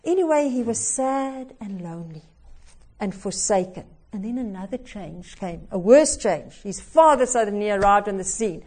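A woman giving a sermon and telling a story, slow and emphatic, her voice swelling loud and sinking soft. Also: medium pitch, animated, slightly rough. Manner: slow and emphatic, with big swings in loudness. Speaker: preacher.

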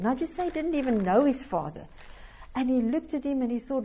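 A woman delivers a sermon that flows into a story, slow and emphatic. Her voice swings between loud stresses and quiet, dropped endings. It sits fairly high. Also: animated, husky. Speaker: preacher.

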